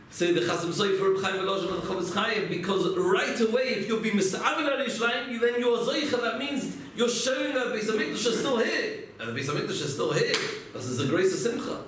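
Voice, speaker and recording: A man's voice: sits high, fairly bright tone, slight background noise. A man giving a religious lecture, telling stories and asking and answering his own rhetorical questions. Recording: echoey room, mic far off.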